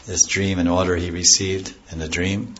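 Low-voiced man giving a rambling devotional talk. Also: flat delivery, normal speed, fairly bright tone, dull audio, a little hiss or hum. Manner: rambling, digresses into stories and loses the thread; explains chanted scripture terms in plain words. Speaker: spiritual teacher. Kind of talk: devotional lecture to a class.

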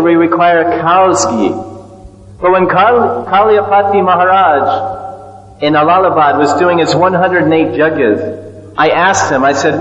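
A man gives a scripture lecture in a fairly high voice, telling stories and acting out little sounds as he goes. The recording is dull and lo-fi, with long echoes from a large hall. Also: fairly bright tone. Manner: storytelling, acts out sounds and voices. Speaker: spiritual teacher.

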